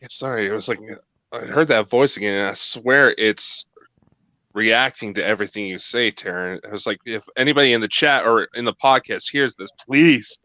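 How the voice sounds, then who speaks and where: A man's voice: fairly low pitch, moderate pace, sharp tone, no echo. A man co-hosting a podcast, joking and asking questions in casual chat. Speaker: podcast co-host. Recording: dull, dry lo-fi audio.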